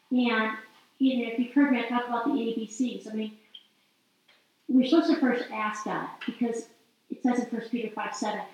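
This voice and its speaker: A woman giving an earnest, heartfelt faith-based teaching talk, speaking prayers aloud as she goes. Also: on the high side. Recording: roomy, distant and slightly dull.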